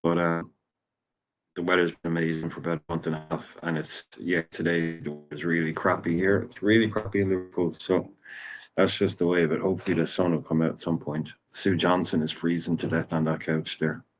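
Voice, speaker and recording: Low-voiced Irish man, blunt and chatty. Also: level tone, fairly quick, poor audio. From Ireland. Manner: chatty and blunt, swearing freely. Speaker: streamer hosting a watchalong. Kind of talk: casual live commentary.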